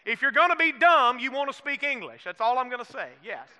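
A Southern US pastor speaks in a very high, expressive voice, a little fast, with a sharp yet clean tone. Preaching folksily in a church sanctuary with long hall reverb, he calls for amens and asks the congregation questions.

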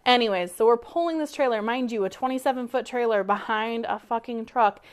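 A woman co-hosting a podcast, telling a story in animated casual chat and swearing freely. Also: on the high side, a little fast. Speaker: podcast co-host.

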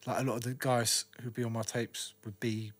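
London guy on a podcast, chill, lots of shout-outs and slang, middle voice. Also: medium pitch, little pitch movement, a little fast. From northwest London. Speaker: guest DJ and radio presenter. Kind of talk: casual interview chat.

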